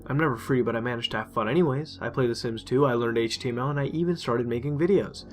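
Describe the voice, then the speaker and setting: A man reading a dark first-person story aloud, intense and emotional. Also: mid-range voice, fast. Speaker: narrator. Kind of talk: dramatic horror story reading. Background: faint music.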